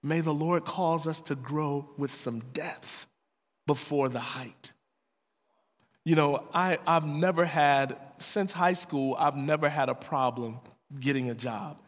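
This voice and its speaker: A man's voice: on the high side, steady tone, slow. A man preaching a sermon in an earnest, plain-spoken way, weaving personal stories into his lesson. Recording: long hall reverb.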